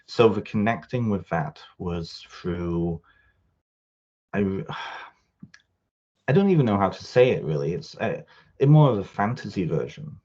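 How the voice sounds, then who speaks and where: A man's voice: deep voice, lively intonation, a little slow, pauses often, mellow, lo-fi sound. A man with a Canadian accent, the guest in an interview, talking in a rambling way and searching for words. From England. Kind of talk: reflective interview talk.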